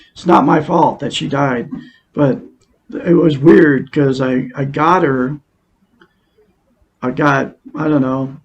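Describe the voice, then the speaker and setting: A man's voice: fairly high pitch, gravelly, a little hiss or hum. A man giving a rambling self-help monologue to his viewers, repeating himself and talking straight to them.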